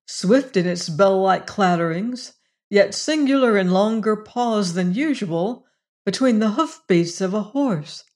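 An audiobook narrator reading a western novel in a slow, measured style. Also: medium pitch.

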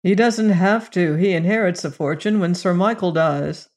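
An audiobook narrator voicing a calm, hesitant young male student in a storybook reading. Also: mid-range voice, moderate pace, close to an everyday voice.

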